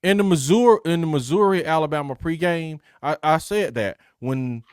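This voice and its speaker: A man's voice: a little high, moderate pace, clean tone, dry recording, clean studio sound. A man co-hosting a casual sports debate, laid-back and teasing. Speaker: co-host, Auburn fan.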